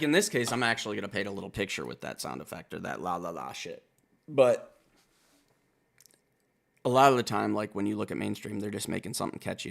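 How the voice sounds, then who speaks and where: A man casually reacting to and reviewing a rap album, rambling and swearing as he thinks out loud. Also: on the low side, gravelly.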